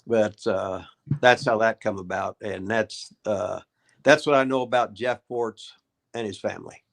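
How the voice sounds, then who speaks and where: Rambling older wrestling host. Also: male voice, fairly low pitch, fairly even intonation, unhurried, vocal fry. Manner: rambling, folksy, swears and laughs often. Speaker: retired wrestler and show host. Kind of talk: casual storytelling chat.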